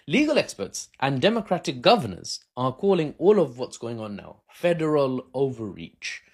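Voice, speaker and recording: A man's voice: mid-range voice, huge pitch swings, measured pace, slightly rough. A man talking into his phone camera, casually explaining politics in an unscripted, self-mocking way with frequent laughs. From Britain. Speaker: political commentator.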